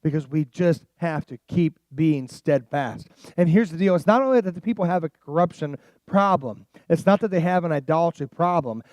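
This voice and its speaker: A man delivering a sermon in a fairly high voice, swinging between hushed asides and loud, pressing emphasis. His talk is casual and slangy despite the pulpit. The sound is dry and close, with little room echo. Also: moderate pace, hardly any pauses. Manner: animated preaching, swings from quiet asides to loud emphatic passages. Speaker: pastor.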